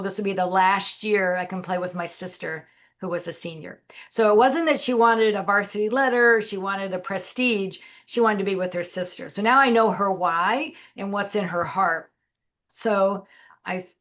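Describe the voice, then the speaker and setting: A woman's voice: medium pitch, a bit bright. A middle-aged woman, a leadership coach, telling a story as a podcast guest and acting out the dialogue. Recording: dull lo-fi audio.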